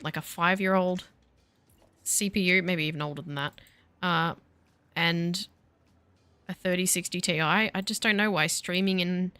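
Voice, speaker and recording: A woman's voice: on the low side, bright, forceful tone, no room sound. Chatty, sarcastic woman streamer. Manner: chatty and self-mocking, with dry sarcasm. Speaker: game streamer. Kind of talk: casual live-stream chat while gaming.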